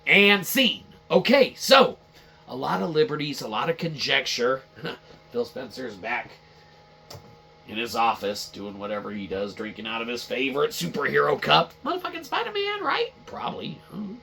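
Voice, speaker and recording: A man hosts a casual game-review podcast, rambling and swearing as he circles back over the same points. His voice is gravelly with a bright, forceful edge. His pitch swings widely. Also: expressive, normal speed, a little hiss or hum. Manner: rambling, profane, repetitive. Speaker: podcast host.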